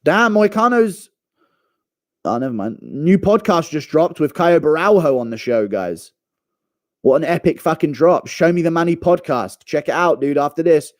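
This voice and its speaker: Animated, foul-mouthed young man ranting. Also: fairly high pitch, normal speed, dry recording, studio quality. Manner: animated, profane, rambling. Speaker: streamer. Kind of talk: casual ranting commentary.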